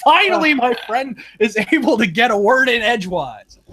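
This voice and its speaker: A man's voice: extremely high pitch, moderate pace. A man, a guest on a live talk show, telling an anecdote in casual chat. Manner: expressive anecdote-teller. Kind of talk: animated storytelling in casual chat.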